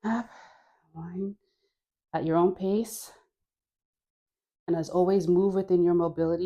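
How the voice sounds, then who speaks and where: Playful woman dance instructor, mellow voice. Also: lowish voice, gravelly, muffled recording. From Caribbean. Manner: encouraging, playful, laughs often. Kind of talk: guided dance class. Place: dancing while talking. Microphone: wearing a mic.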